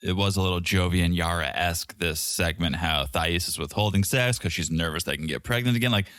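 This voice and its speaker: Man, podcast co-host, very low voice, dry and sarcastic, dry close recording. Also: brisk, fairly bright tone, dry recording. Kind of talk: casual chat recapping a reality show.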